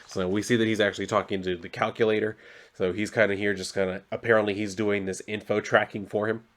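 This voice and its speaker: A man with a somewhat low voice talks through a comic book issue in a loose, casual way. He rambles, leans on "so" and "like", and gives his offhand opinions. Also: level tone, fast, a bit bright. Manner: loose and rambling, lots of fillers like "so" and "like".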